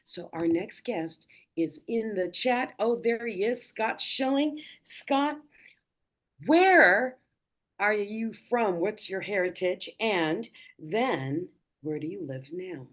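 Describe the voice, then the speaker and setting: A woman's voice: medium pitch, lively intonation, slow pace. A woman hosting an online show, introducing a guest and asking him questions. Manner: welcoming, asks questions. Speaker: show host.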